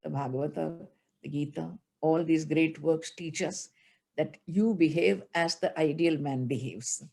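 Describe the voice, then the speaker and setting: A woman's voice: deep voice, a little slow, creaky, darkish tone. Woman giving a discourse. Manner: chants Sanskrit verses then explains them; earnest and emphatic, with light laughs. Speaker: spiritual teacher. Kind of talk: spiritual discourse.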